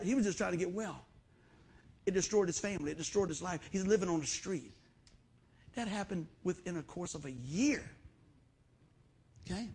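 Husky, gravelly pastor preaching. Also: male voice, high-pitched. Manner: folksy storytelling, animated and conversational. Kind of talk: sermon.

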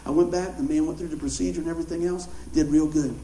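Pastor with a high voice. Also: male voice, fast talker, background noise. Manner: animated, conversational storytelling. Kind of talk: storytelling sermon. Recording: roomy hall echo.

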